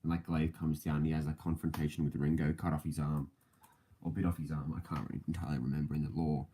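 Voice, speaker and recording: Low, dark-voiced man rambling casually. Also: level tone, a little hiss or hum. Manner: rambling, halting, many fillers and self-corrections; laughs often between thoughts. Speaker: podcast host. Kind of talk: casual livestream chat.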